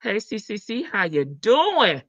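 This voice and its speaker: A woman's voice: mid-range voice, very animated, measured pace, no room sound. A woman with a Southern American accent hosting a livestream, chatting casually and folksily with viewers, laughing and calling them baby and child. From Southern United States. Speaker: livestream host. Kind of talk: casual gossip chat with viewers. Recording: dull lo-fi stream audio, dry.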